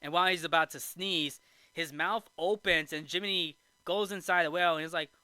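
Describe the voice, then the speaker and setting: A man's voice: fairly high pitch, steady tone, brisk, bright, forceful tone, clear, resonant tone, no echo. A man hosting a movie review show, casually recapping a film in a rambling way with restarts and asides.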